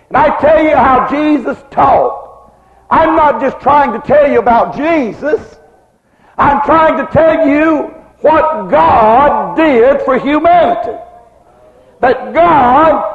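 High gravelly preacher in an echoing hall. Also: male voice. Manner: rhythmic preaching with repeated rhetorical questions. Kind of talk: sermon. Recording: muffled recording with long hall reverb.

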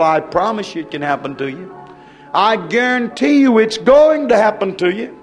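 Fervent high-voiced preacher. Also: male voice, expressive, moderate pace, soft background music. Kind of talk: sermon.

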